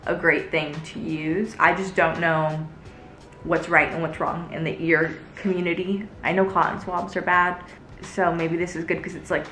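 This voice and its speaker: A woman's voice: lowish voice, fairly bright tone, roomy sound, slight background noise. A young woman vlogging casually as she tests a gadget, chatty and easily grossed out. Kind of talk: casual product-testing vlog.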